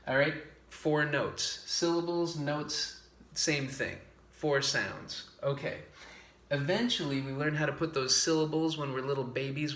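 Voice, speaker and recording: A man's voice: mid-range voice, pushed and bright, echoey room. A man teaching a music class to young children, patient and simple, chanting rhythm syllables as he explains.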